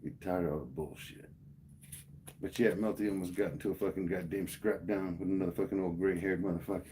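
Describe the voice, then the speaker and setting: A man's voice: low voice, fairly even intonation, a little fast, mellow, a little hiss or hum. A man livestreaming, telling a heated, profane story to his chat in casual speech. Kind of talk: casual rant to live chat.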